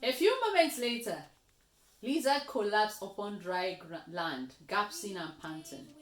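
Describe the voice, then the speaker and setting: A woman reading a children's story aloud, slowly and expressively, as host of a kids' reading session. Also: mid-range voice, roomy sound. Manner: slow, expressive read-aloud with lively voices.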